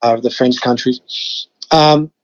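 A man's voice: mid-range voice, fairly even intonation, takes it slowly, muffled recording. An Australian man in his fifties from Western Australia, telling stories casually as a podcast guest, swearing freely. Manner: laid-back, swears freely, acts out his own reactions. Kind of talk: casual storytelling.

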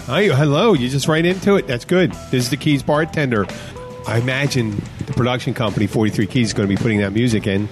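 A man's voice: mid-range voice, fast talker, over music. Rambling bartender man hosting a chat. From Minnesota. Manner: rambling, acts out customers in voices. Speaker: podcast host, bartender. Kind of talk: casual chat.

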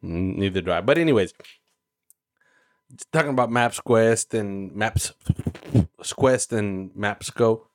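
Slow and fairly low-pitched, a male podcast co-host pauses often while telling a long workplace-style story in casual chat. His animated, profane telling includes jumps up in pitch to voice the people he quotes, and the close recording has no echo.

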